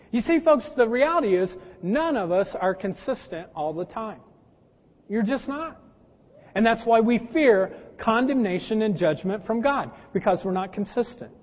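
A male pastor delivering a conversational sermon, calling his listeners folks and mixing in personal stories and humor. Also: very high-pitched. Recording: dull lo-fi with long hall reverb.

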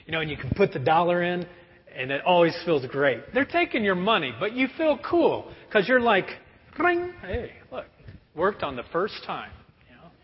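A pastor preaching a sermon to a congregation, lively and often acting out everyday scenes in quick put-on voices. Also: male voice, high voice. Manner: animated, acts out kids and parents in quick voices. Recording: muffled sound with long hall reverb.

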